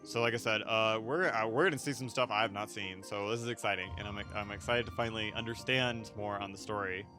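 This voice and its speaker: A man's voice: on the low side, fairly even intonation, fast, hardly any pauses, music in the background. A man casually commenting on a game as he plays, rambling with fillers and frequent laughs. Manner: rambling and giggly, many fillers and asides. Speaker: gaming streamer. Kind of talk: casual let's-play commentary.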